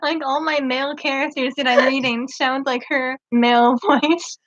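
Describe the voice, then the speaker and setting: A woman's voice: sits high, fairly even intonation, normal speed, a bit bright. A woman co-host in a casual book discussion, teasing and casual, often dropping in short agreements. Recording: dull lo-fi sound.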